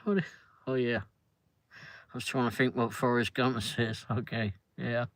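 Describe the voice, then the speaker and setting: A man's voice: medium pitch, flat delivery, unhurried. An older man hosting a livestream, chatting casually in a rambling way while reading viewer comments, often laughing. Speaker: livestream host.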